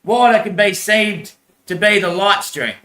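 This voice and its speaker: A man's voice: high voice, unhurried, pushed and bright, reverberant. A man in a rambling monologue, repeating himself, swearing and laughing often.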